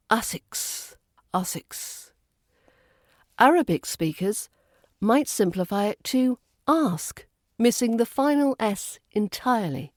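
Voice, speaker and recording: A woman's voice: mid-range voice, a little mellow, no echo, studio quality. A woman with a British RP accent giving a scripted pronunciation lesson as an accent coach, precise and dryly playful.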